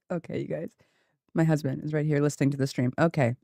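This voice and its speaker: A woman streamer chatting casually from her home office into a studio mic, a little tired and mellow, often breaking into laughter. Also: sits low, vocal fry, no room sound. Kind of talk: casual chat on a gaming stream. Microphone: new studio microphone.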